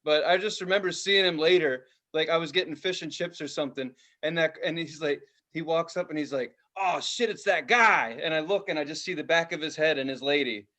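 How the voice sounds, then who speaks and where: A young man rambles through a story on a casual podcast, swearing freely and stumbling over his words. His voice sits a little high for a man. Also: fairly even intonation, fast, few pauses, a bit bright. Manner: rambling, profane, laughing storyteller. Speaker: podcast co-host.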